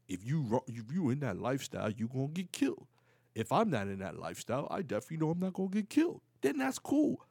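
Middle-aged man with a New York accent, casual storyteller, animated, dry close recording. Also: a little high, no echo. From New York, the Bronx. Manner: animated, heated when acting out stories.

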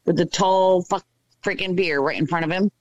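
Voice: medium pitch, moderate pace, dry recording, muffled recording. A person in casual chat who keeps asking the others questions.

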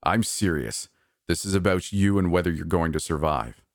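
A man voicing a desperate, halting park manager. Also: low voice, no room sound, clean studio sound. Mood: pleading. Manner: hushed, halting and pleading. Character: anxious, desperate adult male manager.

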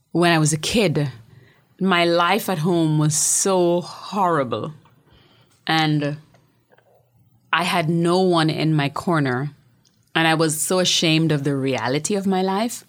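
A woman with a low voice and a Jamaican accent appears as a guest, a poet and memoirist. She tells personal stories candidly and emphatically, often repeating words as she begins a sentence.

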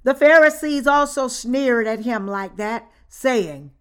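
Brief: woman, sermon reader, higher voice, unhurried and deliberate. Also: a bit bright, clear, resonant tone. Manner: measured, deliberate reading. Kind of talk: read-aloud sermon.

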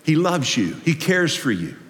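A man preaching a sermon as pastor, folksy and animated, swinging from loud to hushed. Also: a little high, moderate pace. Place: church sanctuary. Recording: long hall reverb.

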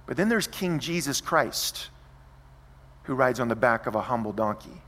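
A man preaching a sermon, telling a story with lively, vivid scene-setting. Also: medium pitch, moderate pace, long reverb tail. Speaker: pastor.

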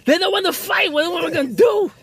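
A man putting on a to play a baffled, panicking emperor, high-pitched and half-shouting. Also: quick pace, a crowd in the background. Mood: exasperated.

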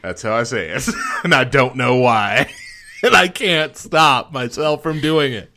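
Laughing, bright-voiced man. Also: mid-range voice, a little slow. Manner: chatty and self-mocking, laughs often. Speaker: podcast co-host. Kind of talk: casual chat.

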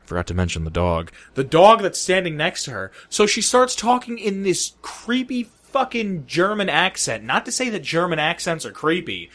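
Animated, lively-voiced man podcasting. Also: sits high, normal speed, hardly any pauses. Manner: animated, swearing, laughing storyteller. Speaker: podcast co-host. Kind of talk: casual gaming podcast chat.

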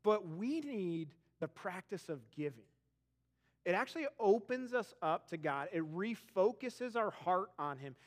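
A man in his thirties preaching a sermon as pastor, telling stories with lively emphasis and frequent repeated words. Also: high voice. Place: church auditorium.

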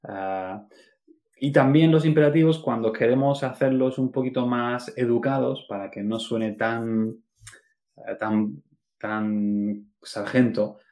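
A man's voice: medium pitch, steady tone, warm tone. Bilingual man explaining English grammar. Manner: explains slowly, switching between Spanish and English. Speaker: English teacher. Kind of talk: bilingual podcast lesson.

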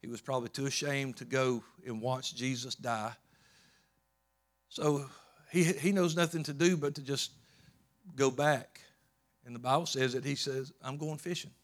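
A man preaching a sermon, swinging between loud emphatic peaks and low soft storytelling, often repeating words and restarting. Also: unhurried, long pauses. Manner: rising to loud emphatic peaks, then dropping low and soft while retelling scripture.

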